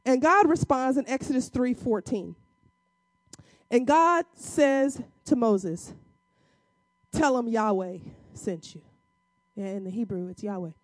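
A woman preaching a sermon in a conversational, emphatic way, acting out biblical dialogue in casual speech and using dramatic pauses. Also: a little high, no echo.

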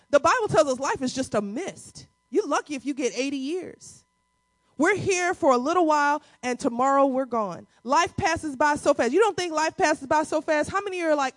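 A woman in her forties preaching a sermon, with playful asides and key lines repeated slowly for the congregation. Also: no echo. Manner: playful asides with quick dips into a low, quiet voice. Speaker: pastor.

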